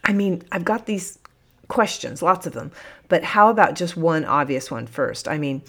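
A woman voicing an eager army captain who booms and rushes his words, in an audiobook reading. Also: vocal fry, sharp tone, exaggerated voice. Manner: booming and eager, talks in quick bursts. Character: eager booming male army captain, student.

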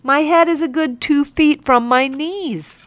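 A man's voice: high-pitched, unhurried, smooth, dry recording. A woman doing a blustering stubborn male captain. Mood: frustrated. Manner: blustering, loud exclamations. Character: stubborn irritable male captain, quick to anger.

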